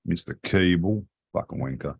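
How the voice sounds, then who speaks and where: A man's voice: low-pitched, normal speed, gravelly, slightly rough. A middle-aged man, telling crude, profanity-laden stories in a casual live chat. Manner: crude, profane storytelling with frequent swearing.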